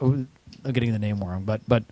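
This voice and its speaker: A man with a New Jersey accent co-hosts a podcast, ranting about video games in heated, profane, mocking talk. His voice is on the low side and warm, he speaks a little fast, and the recording is dry.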